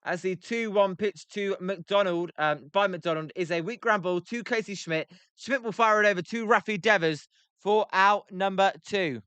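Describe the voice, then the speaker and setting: A young British man with a British accent calling a baseball game on a livestream, reading chat aloud between pitches with lots of filler words. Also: normal speed, a bit bright, clear, resonant tone, no echo. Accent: British English. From Britain. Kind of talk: casual play-by-play livestream commentary.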